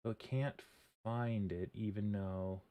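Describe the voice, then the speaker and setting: Slow, low-voiced man hosting a livestream. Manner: relaxed, muttering, swears and laughs at his own mistakes. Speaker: livestream host. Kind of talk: casual livestream chat while coding and reading charts.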